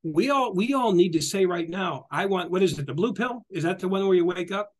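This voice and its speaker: A spiritual guest speaker, a middle-aged man with a strikingly high voice, delivers a passionate, brisk talk. He's animated and repetitive, acting out the quotes he shares and laughing often.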